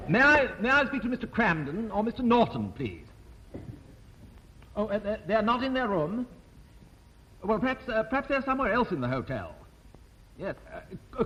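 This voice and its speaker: A man's voice: sits high, a bit bright, muffled recording, slight background noise. A man with an English accent playing a polite, fussy businessman who stammers, in a 1950s TV sitcom. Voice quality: stammering, genteel. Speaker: company representative.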